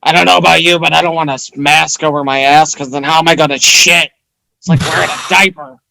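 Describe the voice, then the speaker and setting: A man co-hosting a comedy podcast, reading absurd news items in a deadpan way. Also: a little high, fast talker, vocal fry, no echo, low-quality recording. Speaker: podcast co-host. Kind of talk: reading joke news segment.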